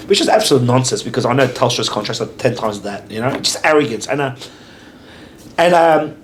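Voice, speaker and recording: A man's voice: medium pitch, animated, brisk, slight background noise. Emphatic man, podcast host. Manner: emphatic, keeps repeating agreement, swears casually. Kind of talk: casual interview chat.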